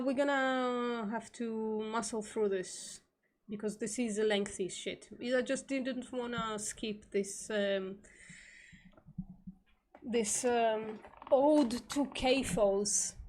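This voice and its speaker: A woman speaking at an unhurried, drawn-out pace and breaking off into frank asides laced with swearing. She sounds tearful, with a mid-range voice that rises and falls with feeling. She is talking live to her viewers. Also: medium pitch. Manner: slow, swears often, emotional asides. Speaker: streamer reading an article. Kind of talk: live-stream commentary.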